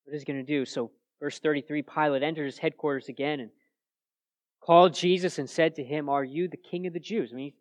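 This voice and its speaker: A man with a fairly high voice delivers an expository sermon in a relaxed, conversational manner, speaking a little fast. He frequently restarts his phrases and presses his points with emphatic rhetorical questions.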